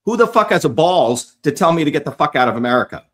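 A man's voice: a little high, big pitch swings, fast. Furious profane man ranting. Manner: profane, shouting insults at commenters. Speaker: online commentator. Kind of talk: angry rant to viewers.

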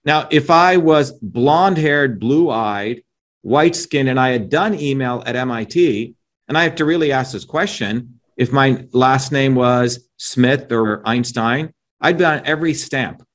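A forceful male guest makes his case in an interview. He talks at an average pitch, presses every point with emphasis and keeps checking for agreement as he goes. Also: measured pace. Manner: emphatic, combative, repeats "right?" for agreement. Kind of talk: opinionated interview talk.

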